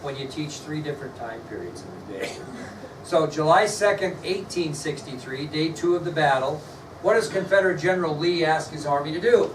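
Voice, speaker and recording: A male history teacher lecturing a class, quizzing students and spelling words out slowly. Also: on the high side, animated, a little hiss or hum. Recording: echoey classroom, mic far off, faint ambience.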